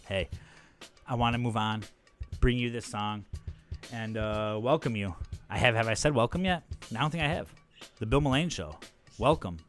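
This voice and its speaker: A man's voice: mid-range voice, moderate pace, pauses often, faint music behind. A man hosting his own podcast in a casual comedic monologue, rambling, self-mocking and full of profanity. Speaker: podcast host.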